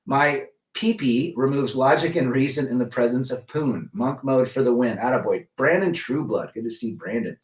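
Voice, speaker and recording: A man's voice: medium pitch, moderate pace. Blunt man in an echoey room. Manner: blunt, opinionated, greets chatters by name. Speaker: livestream host reading chat. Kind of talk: casual livestream chat. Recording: roomy echo, mic at a distance.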